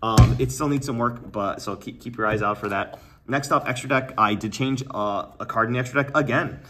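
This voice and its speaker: Fast-talking young man breaking down a deck. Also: medium pitch, noisy background. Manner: quick, filler-heavy, trails off quietly. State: a little out of breath. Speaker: deck profile presenter. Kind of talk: casual card game deck breakdown. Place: card tournament venue.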